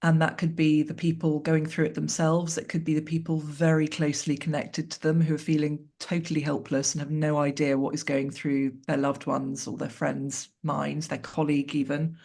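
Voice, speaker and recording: A woman's voice: low-pitched, flat delivery, normal speed, gravelly, hardly any pauses, darkish tone. A woman author speaking as a guest in an interview, talking candidly and reflectively with wry asides over a video call.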